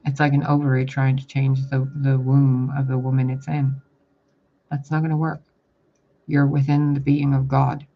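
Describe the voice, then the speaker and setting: A man's voice: mid-range voice, completely flat delivery, normal speed. A man delivering a casual channeled spiritual message, rambling and blunt, with casual swearing. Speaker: spiritual reader. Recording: dull lo-fi audio with loud background noise.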